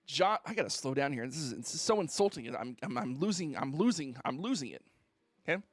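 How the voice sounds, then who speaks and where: A man's voice: a little high, animated, brisk, no room sound. A man streamer ranting on a casual livestream, mock-indignant and theatrical, who keeps asking "okay?".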